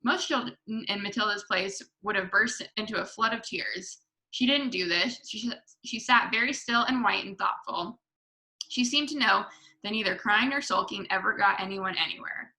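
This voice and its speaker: A woman reading a children's book aloud to a book club, expressive with small slips. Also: medium pitch, normal speed, low-quality recording.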